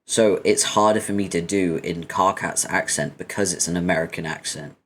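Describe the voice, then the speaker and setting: A man's voice: deep voice, moderate pace, fairly bright tone, slight background noise. A British man chatting casually and teasing his audience with profane banter between readings. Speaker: webcomic reader and streamer. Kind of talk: casual chat.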